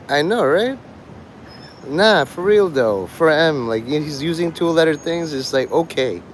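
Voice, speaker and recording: A man's voice: a little high, sing-song, normal speed, a little hiss or hum. A man rambling to his livestream chat, swearing, joking and laughing often.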